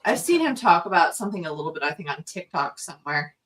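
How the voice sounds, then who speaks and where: Low, lively woman, off-mic. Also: fast talker. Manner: chatty, busy searching for a clip. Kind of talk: casual livestream discussion. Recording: distant from the mic.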